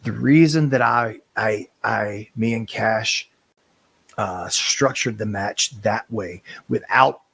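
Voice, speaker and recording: A man's voice: on the low side, slow, creaky, fairly bright tone, husky, no room sound. A man talking in a casual interview as a professional wrestler guest, impassioned and rambling, swearing now and then.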